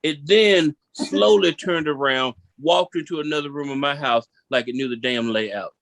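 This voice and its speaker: A man from Memphis, performing a seated stand-up comedy set in an animated storytelling style and repeating punchlines for emphasis. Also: fairly high pitch, normal speed, creaky, no room sound. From Memphis, Tennessee.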